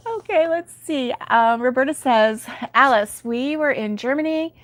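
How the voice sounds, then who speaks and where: A woman's voice: high-pitched, lively intonation, slow pace, pauses often, no room sound. A woman hosting a crochet livestream from home, chatting casually and giggling often as she reads viewer comments. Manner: chatty and giggly, with many ums.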